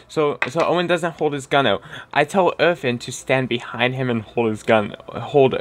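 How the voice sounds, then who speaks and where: A man's voice: mid-range voice, moderate pace, a bit bright. Young guy rambling thru a story, mid voice, swears a lot. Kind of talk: casual chat.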